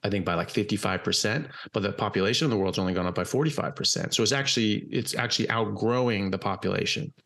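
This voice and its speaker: A man's voice: fairly low pitch, fast talker, gravelly, hardly any pauses, fairly bright tone. A man in casual podcast conversation, explaining emphatically with loose fillers and repeated words, and occasionally swearing bluntly.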